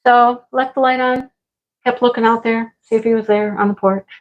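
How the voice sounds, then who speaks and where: A woman's voice: a little high, steady tone, moderate pace. A middle-aged woman livestreaming from home, chatting casually and rambling through a story with scolding asides. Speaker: livestream host. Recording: slightly dull lo-fi sound.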